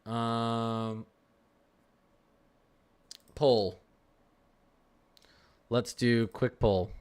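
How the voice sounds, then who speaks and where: A young man hosting a live severe-weather stream, chatting casually and teasing his viewers. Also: medium pitch. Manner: joking, talks to chat, frequent laughs. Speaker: livestream weather host.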